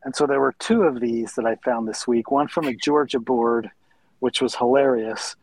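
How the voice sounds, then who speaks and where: A man co-hosting a casual podcast, recounting a story in a relaxed way and laughing easily. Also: mid-range voice, normal speed, vocal fry, dry recording, rough recording. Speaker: podcast co-host.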